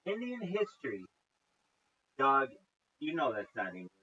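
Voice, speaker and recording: Husky man ranting with constant swearing. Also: medium pitch, wildly swooping pitch, a little slow, highs cut off. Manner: profane, exasperated, loud rants. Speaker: video reaction host. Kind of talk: casual ranting commentary.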